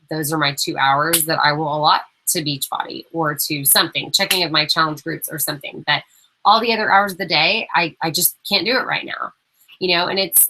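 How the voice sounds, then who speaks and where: A woman's voice: low voice, sharp tone, rough recording. A young woman coach giving new team members a casual, encouraging welcome talk, chatty and full of fillers.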